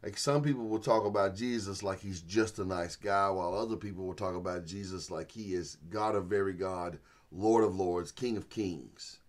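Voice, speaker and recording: Man, Bible teacher, sermon-style, folksy storyteller, animated, lowish voice. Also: normal speed.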